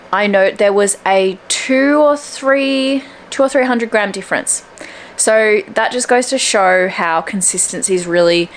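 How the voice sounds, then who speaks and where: A young woman chats to camera at home in a casual vlog, upbeat and talkative at an ordinary middle pitch. The audio comes from a handheld camera and carries a faint background noise. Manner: chatty and upbeat, drifting into squeaky baby talk for her dog. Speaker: fitness vlogger.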